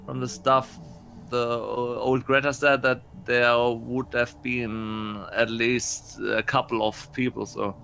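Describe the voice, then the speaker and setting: Tabletop player: man, mid-pitch, slow and halting, lots of ums. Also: flat delivery, vocal fry, bright, forceful tone, slight background noise. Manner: halting, hesitant, many fillers. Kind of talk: playing a tabletop game.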